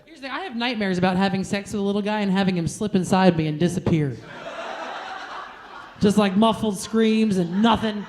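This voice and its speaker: A woman's voice: medium pitch, fairly quick, darkish tone. A woman performing a stand-up comedy set with a brash, crude and self-mocking delivery.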